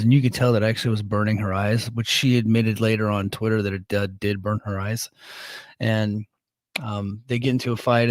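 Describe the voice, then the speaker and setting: A man with a lowish voice talks through a wrestling show in loose, casual podcast chat. He rambles and corrects himself, filling gaps with ums. The sound is dry and close, with no room around it. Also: no room sound. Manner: rambling and self-correcting, with many ums and restarts. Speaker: podcast host.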